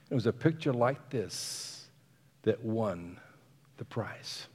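A man's voice: fairly low pitch, expressive, slow, darkish tone, husky, big-room sound. A man preaching a sermon, earnest, often letting phrases fall to a near whisper and chuckling between points.

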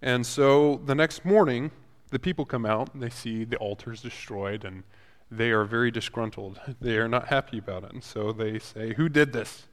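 Man teaching, relaxed and conversational, paraphrasing scripture with halting restarts; voice trails in a long hall echo. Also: medium pitch. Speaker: Bible teacher. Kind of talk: casual Bible lesson.

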